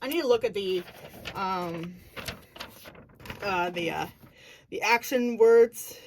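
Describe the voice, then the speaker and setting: A woman's voice: medium pitch, takes it slowly, darkish tone, a little hiss or hum. A woman casually explaining her acting technique. She thinks aloud, searches for words and corrects herself as she goes. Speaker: acting student.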